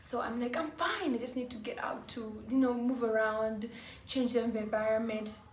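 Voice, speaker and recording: A woman vlogger telling a personal story to camera, halting and full of fillers like "like" and "you know". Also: a little high, level tone, a little mellow. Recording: roomy echo, faint background hiss.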